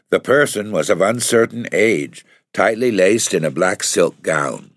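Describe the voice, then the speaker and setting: A man narrating a classic novel as an audiobook in a measured, even storytelling voice. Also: sits low, husky, dry recording, clean studio sound. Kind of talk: scripted narration.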